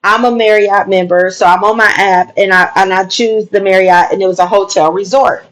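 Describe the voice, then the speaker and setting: A woman's voice: medium pitch, moderate pace, poor audio. Woman telling a story, emphatic, keeps repeating stuff, casual chat. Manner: animated, emphatic retelling with repeated phrases.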